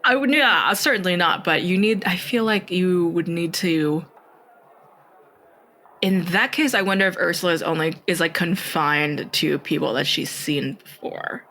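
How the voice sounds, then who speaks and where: A young man co-hosting a comedy podcast, rambling and hesitant, quick to laugh. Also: sits high, pushed and bright, low-quality recording. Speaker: podcast co-host. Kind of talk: casual comedic chat.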